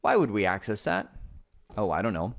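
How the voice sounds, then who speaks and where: A man teaching an online networking lesson, animated and playful, who acts out examples as he explains. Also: lowish voice, moderate pace. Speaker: IT instructor.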